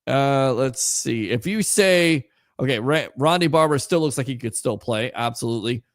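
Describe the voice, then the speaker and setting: A man hosting a casual sports talk show, excitable and rambling, often restarting his sentences. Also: medium pitch, normal speed, dry recording, clean studio sound. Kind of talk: casual sports radio chat.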